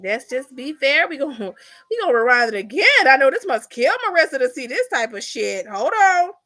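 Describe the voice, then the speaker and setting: Sharp-voiced mocking woman commentator. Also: high-pitched, big pitch swings, fairly quick. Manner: blunt, mocking, sassy. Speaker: commentary channel host. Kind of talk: reaction commentary.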